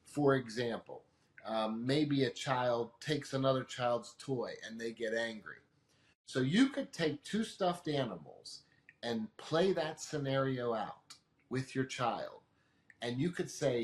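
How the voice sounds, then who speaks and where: A man guest in an interview, explaining calmly and patiently as an expert, working through practical examples. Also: mid-range voice. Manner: calm, teaching tone with practical examples. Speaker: emotional management expert guest. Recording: roomy echo.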